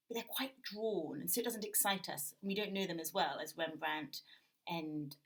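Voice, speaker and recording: A British woman, her voice sitting a little low, talks through a drawing demonstration indoors at a table. She explains gently and thinks aloud as she works, like an art teacher guiding a class at home. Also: low-quality recording. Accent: British English.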